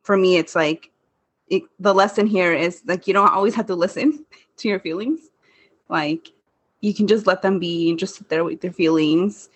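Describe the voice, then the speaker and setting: A woman's voice: fairly low pitch, moderate pace, breathy edge. A young woman co-hosting a podcast, chatting casually about a TV show, laughing often and acting out quotes. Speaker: podcast co-host. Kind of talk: casual chat recapping a TV show.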